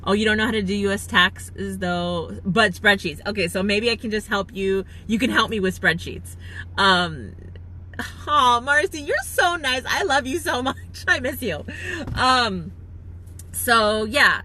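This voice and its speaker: A woman's voice: medium pitch, lively intonation, measured pace, pushed and bright, slight background noise. A woman live-streaming to her viewers from a phone, chatting heartfelt and gushing with lots of fillers, near tears at times. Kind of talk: emotional live-stream chat.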